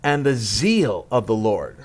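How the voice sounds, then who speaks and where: A man from the Northeastern US, a guest speaker on a talk show, telling energetic stories and acting out the people he quotes. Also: on the low side, unhurried. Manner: energetic storyteller, acts out quotes, frequent restarts. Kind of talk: animated conversational teaching.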